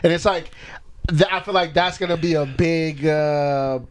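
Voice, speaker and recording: A man's voice: fairly high pitch, steady tone, measured pace, clean tone. A young man co-hosting a podcast in a laid-back casual chat, full of slang like "bro" and many agreeing yeahs. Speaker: podcast co-host.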